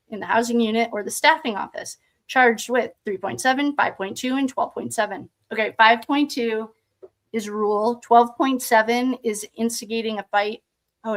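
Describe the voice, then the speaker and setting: A woman with a slightly high voice reads through official records aloud in a casual, thinking-aloud way. She keeps stopping to toss in sarcastic remarks of her own. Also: fairly bright tone. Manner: sarcastic asides, thinking aloud while reading. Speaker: true crime commentator. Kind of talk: casual commentary reading documents aloud.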